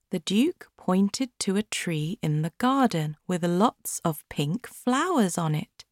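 Slow, low-voiced woman reading a storybook. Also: animated, no echo, studio quality. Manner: slow, clear, deliberate. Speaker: audiobook reader. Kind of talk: graded-reader storybook narration.

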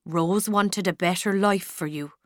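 Gentle middle-aged priest, voiced by a woman narrator, soft and careful, unhurried. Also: lowish voice, no echo, clean studio sound, lightly acted.

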